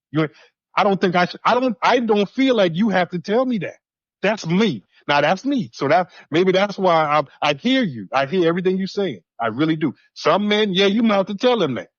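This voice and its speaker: A man's voice: high voice, animated, brisk, no room sound. A married man in a casual podcast discussion, emphatic and restating his point over and over before making it. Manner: emphatic, repeats his lead-ins. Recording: dull, dry recording.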